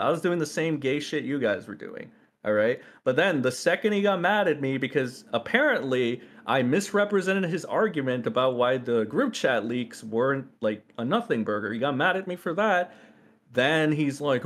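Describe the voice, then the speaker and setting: A man's voice: mid-range voice, animated, moderate pace. A man on a voice call, arguing in a heated, profane rant. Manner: angry, ranting, swears a lot. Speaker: streamer in a debate.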